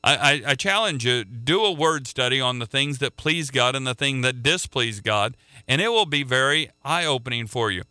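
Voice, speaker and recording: A man's voice: medium pitch, lively intonation, moderate pace, sharp tone, clear, resonant tone, no room sound, clean studio sound. A man preaching a sermon in an earnest way, often repeating words as he restarts a thought.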